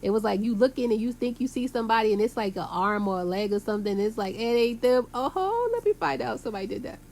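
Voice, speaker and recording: A woman's voice: medium pitch, lively intonation, quick pace, vocal fry, a little mellow, a little hiss or hum. A woman from Brooklyn, talking to her viewers in a rambling, emphatic way full of street slang and cursing. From Brooklyn, New York. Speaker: vlogger. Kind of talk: casual rambling monologue to camera.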